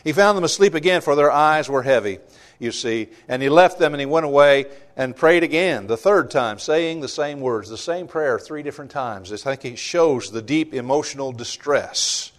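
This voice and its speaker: A man's voice: medium pitch, lively intonation, normal speed. A man preaching a sermon, explaining a Bible passage earnestly and repeating rhetorical questions. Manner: reads scripture aloud with emphasis.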